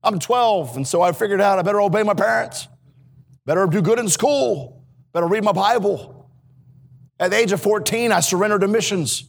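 Man, preacher, sermon in church, high voice, gravelly, earnest, hushed to emphatic. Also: moderate pace. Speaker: preacher and missionary. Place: church sanctuary.

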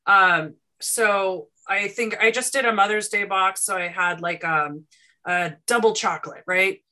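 A giggly woman in her thirties, chatting as a guest on an interview show. Her voice is bright and clear, and her talk is silly and bubbly with frequent laughs. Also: mid-range voice, measured pace. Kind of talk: casual interview chat.

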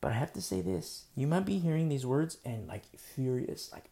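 Gravelly-voiced male preacher. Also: medium pitch, sing-song, fairly quick, hardly any pauses. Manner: earnest, moves between soft pleading and emphatic outbursts. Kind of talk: sermon.

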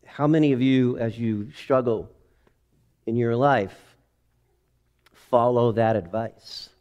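A man preaching a sermon, moving between quiet reflective passages and loud, rising exclamations. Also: mid-range voice, slow, highs cut off. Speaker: pastor.

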